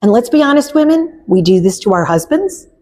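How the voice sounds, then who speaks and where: A woman therapist and parent coach, a guest in an interview, telling a story with lively acted-out lines. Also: a little high, fairly quick. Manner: animated storyteller acting out characters' lines. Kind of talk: storytelling in conversation.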